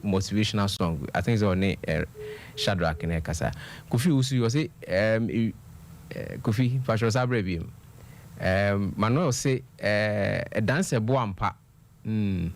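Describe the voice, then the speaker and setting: A man with a slightly low voice co-hosts a radio show. He reads listener comments aloud, switching between Twi and English, in easygoing banter. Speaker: radio co-host reading listener messages.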